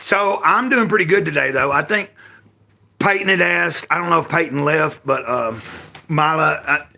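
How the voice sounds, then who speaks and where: An older Southern man from Tennessee rambles casually to his livestream viewers from home, folksy and often correcting himself. His voice is fairly high with vocal fry, bright and pushed, at a normal speed.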